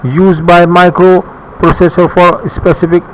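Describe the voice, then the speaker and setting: Man, Bangladeshi English accent, school computer teacher, slow note-reading delivery, slightly high voice. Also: little pitch movement, rough recording. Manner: reads notes slowly with pauses, occasional restarts. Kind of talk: recorded classroom lecture. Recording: faint background noise.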